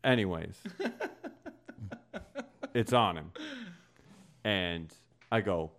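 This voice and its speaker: A young man spins a story on a casual podcast, cursing a lot and jumping into loud outbursts when he quotes people. His pitch swings widely, from low mutters to high shouts. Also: normal speed. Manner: profane, animated, gets loud acting out quotes. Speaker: podcast host.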